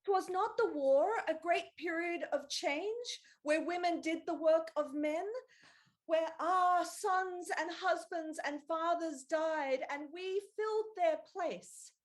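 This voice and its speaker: A woman's voice: extremely high pitch, slow. A woman playing a rousing suffragette lady. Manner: declamatory, old-fashioned speech with thee and thou. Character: bold young suffragette lady, earnest and rousing. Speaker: improv stage actor. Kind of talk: improvised mock-Shakespearean stage acting.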